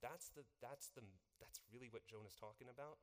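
A man preaching a sermon, animated and quizzing his congregation with questions. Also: medium pitch, a little fast. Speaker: pastor. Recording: long hall reverb.

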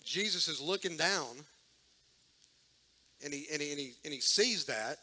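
A man preaches to his congregation in a folksy, storytelling way. His voice sits a little high and sounds bright and forceful. He talks straight to the people in front of him. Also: animated, a little slow, poor audio. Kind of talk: sermon storytelling.

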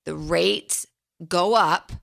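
A woman's voice: on the low side, drawn-out words, vocal fry, a bit bright. A woman financial advisor hosting a radio talk show, telling stories in an earnest, chatty way. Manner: storytelling, earnest. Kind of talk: casual radio chat.

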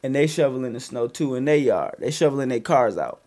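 A man casually telling a story on a podcast, profane and animated, with loud bursts as he acts it out. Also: mid-range voice, a little fast.

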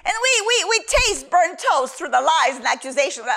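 High-voiced woman preaching emphatically. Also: very animated, normal speed, vocal fry, few pauses, pushed and bright. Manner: emphatic, repeats phrases for stress. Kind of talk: sermon teaching.

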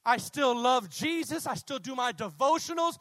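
Male preacher, emphatic and animated sermon delivery; high, bright voice. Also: normal speed, no echo. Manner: emphatic, animated, calling out to the congregation.

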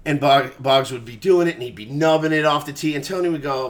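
Animated, swearing man telling stories. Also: a little high, fast. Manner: animated storyteller, swears freely, acts out quotes. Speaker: podcast guest. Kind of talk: casual chat.

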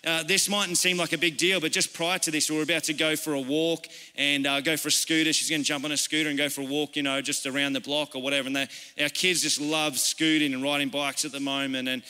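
Earnest Australian pastor in a reverberant hall. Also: male voice, a little high, flat delivery, quick pace, few pauses, pushed and bright, clean tone. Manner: earnest, conversational, personal storytelling. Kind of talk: informal sermon. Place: church service.

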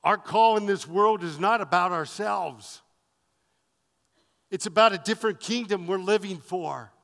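A man's voice: high-pitched, a little slow, creaky, a bit bright, in a large hall. A man preaching a sermon as pastor, driving his points home with emphatic repetition.

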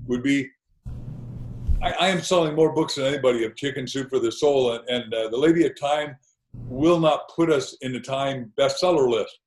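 A man as an interview guest, telling animated anecdotes that build to punchlines. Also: mid-range voice, normal speed. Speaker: guest author. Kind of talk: storytelling interview talk. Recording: roomy echo.

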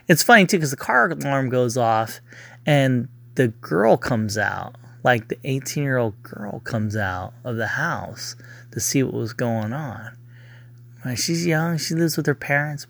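Animated, swearing man ranting about a movie. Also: medium pitch, no echo. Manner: profane, exasperated, rambling. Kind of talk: casual movie rant.

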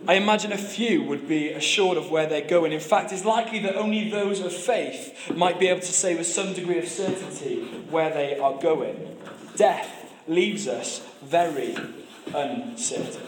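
A man's voice: high voice, roomy sound, a little hiss or hum. A man preaching a sermon, telling stories with humor and often restarting his phrases. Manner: storytelling with humor and repeated restarts.

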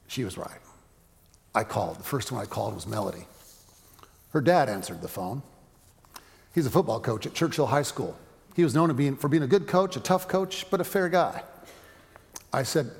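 A male pastor preaching a sermon, telling stories and asking rhetorical questions, sometimes dropping to a hushed voice. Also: mid-range voice, lively intonation, a little fast, creaky, pauses often, in a large hall.

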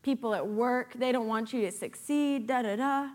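High-voiced woman preaching a lively sermon. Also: normal speed. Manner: animated, with playful sarcastic asides. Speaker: guest preacher.

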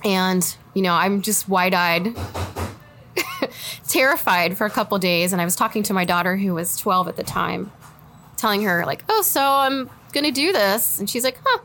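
A woman in her forties with a Midwestern American accent, a candidate telling her story in a casual interview, animated and quick to laugh. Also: mid-range voice, slight background noise. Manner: animated, laughs often, acts out quoted friends. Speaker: political candidate guest.

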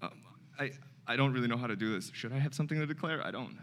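A man's voice: mid-range voice, expressive, rapid-fire, long reverb tail, noisy background. A man performing in an improvised comedy sketch, playing it indignant and flustered.

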